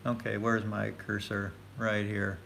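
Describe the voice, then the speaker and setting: A man co-hosting a casual travel live stream on a phone, easygoing and measured. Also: fairly low pitch, completely flat delivery, gravelly, noisy background. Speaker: travel vlog co-host.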